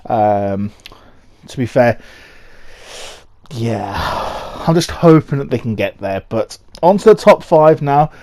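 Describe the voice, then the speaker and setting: A man's voice: mid-range voice, dark tone. Chatty young man ranking liveries. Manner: chatty and rambling, with many fillers and restarts. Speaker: motorsport vlogger. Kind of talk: casual commentary ranking car designs.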